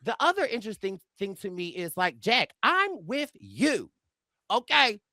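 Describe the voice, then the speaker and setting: Male podcast co-host, animated pitch, bright tense tone with gravelly fry, dry close sound, excitable chatter. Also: a little slow, dry recording. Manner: excitable, laughs often, jumps into quoted voices. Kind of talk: casual TV recap chat.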